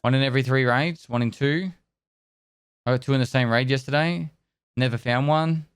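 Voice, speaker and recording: A man in his thirties streams a game and chats loosely with his viewers, answering questions as they come. His voice is smooth and resonant. The recording is dry, with no room sound. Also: mid-range voice, moderate pace, no room sound. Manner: rambling, answers chat. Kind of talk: casual live-stream chat.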